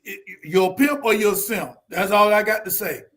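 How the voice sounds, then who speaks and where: A man's voice: sits high, moderate pace, a bit bright. A man co-hosting a casual talk show, blunt and profane. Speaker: show co-host. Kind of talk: casual chat.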